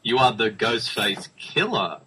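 A man's voice: on the low side, sing-song, unhurried, sharp tone, slight background noise, low-quality recording. A young man hosting a podcast, jokey and self-mocking, with a giggly manner. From Australia. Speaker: podcast host. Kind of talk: casual podcast banter.

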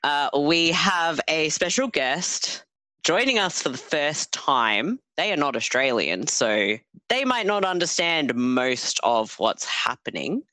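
A woman hosting a casual movie podcast, lively, swearing freely and laughing often. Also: low-pitched, slow pace, no echo. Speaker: podcast host. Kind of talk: casual chat.

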